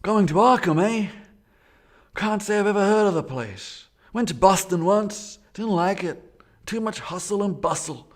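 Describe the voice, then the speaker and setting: A man's voice: high-pitched, measured pace, pitched above the performer's own voice. A man voicing a chatty rural coach driver with a folksy New England accent. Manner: folksy, blunt.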